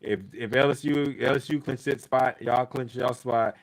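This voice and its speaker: A man's voice: mid-range voice, fairly even intonation, moderate pace, rough recording. A man co-hosting a sports podcast, arguing his point emphatically in a casual debate, repeating himself for effect and swearing freely. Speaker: podcast co-host.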